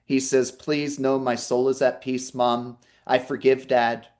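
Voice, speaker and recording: A man's voice: mid-range voice, flat delivery, unhurried, a little mellow. A man working as a psychic medium in an online talk, earnestly relaying messages and reassuring the listener over a video call. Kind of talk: live online talk and reading.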